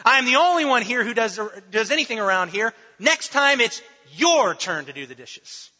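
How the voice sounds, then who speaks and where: A man acting out an exasperated spouse who loudly complains about doing all the chores. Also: extremely high pitch, big pitch swings, normal speed, full character voice. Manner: loud, complaining, indignant. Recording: dull recording with long hall reverb.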